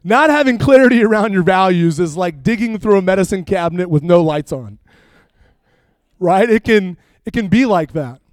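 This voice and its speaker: A young man, a youth pastor, preaching and telling a funny personal story with animated, jokey asides. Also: sits high, moderate pace, no echo, clean studio sound.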